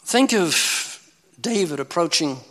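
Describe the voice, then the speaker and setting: A man preaching a sermon with urgent, pleading delivery and dramatic swings between loud and soft. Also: fairly high pitch, lively intonation, slow, big-room sound.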